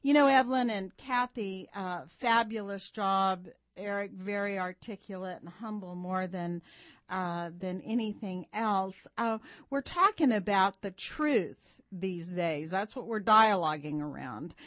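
A woman hosting a faith-based talk show, steering the conversation in a relaxed way with frequent fillers. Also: medium pitch, measured pace, no echo.

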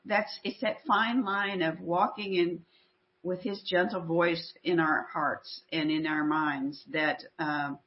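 Brief: woman co-host, low voice, earnest and animated faith storyteller, slightly muffled recording. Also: slow. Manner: animated, earnest, repeats words as she builds a point. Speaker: podcast co-host.

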